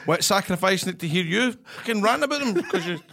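A man's voice: sits high, lively intonation, fast, gravelly, pushed and bright. A Scottish man in his thirties, co-hosting a casual chat, telling stories with swearing and teasing. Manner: storytelling, swearing, teasing and laughing. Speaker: podcast co-host.

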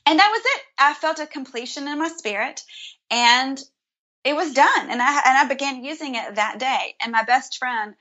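Earnest woman, bright voice, dull sound. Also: high voice, moderate pace. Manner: earnest, heartfelt, storytelling with soft restarts. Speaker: podcast guest, creator of a Bible study method. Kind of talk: casual conversational interview.

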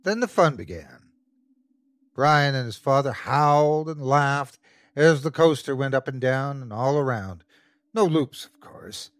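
A man's voice: medium pitch, animated, unhurried, no echo, clean studio sound. A man narrating a scripted horror story as the show's host, telling it expressively.

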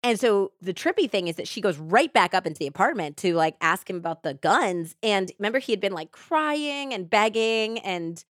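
A woman's voice: mid-range voice, lively intonation, moderate pace, few pauses, dry recording, clean studio sound. A woman hosting a podcast, casually retelling a true-crime case and peppering it with "like". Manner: chatty retelling with frequent "like". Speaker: podcast host.

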